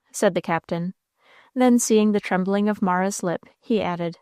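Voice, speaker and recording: A woman narrates an audiobook in a steady, even storytelling way. Her voice sits at a middle pitch and sounds dry and close, with no room around it. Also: a little slow, smooth, dry recording. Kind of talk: scripted narration.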